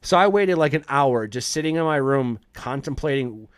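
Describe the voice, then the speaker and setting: Man, chef guest on a podcast, spins a profane story with plenty of life, clear dry sound. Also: medium pitch, moderate pace, no echo. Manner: profane, animated storyteller acting out quotes. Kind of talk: casual storytelling in an interview.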